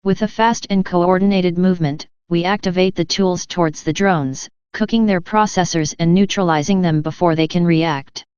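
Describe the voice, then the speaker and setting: A woman narrating a first-person story in an even, measured reading style. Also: fairly low pitch, clear, resonant tone, dry recording. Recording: dull lo-fi sound.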